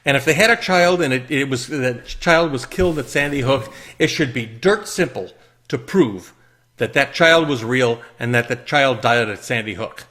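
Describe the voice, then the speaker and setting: A man's voice: mid-range voice, normal speed. A man making an indignant, ranting video, mocking the critics he quotes. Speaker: conspiracy video maker. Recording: loud background noise.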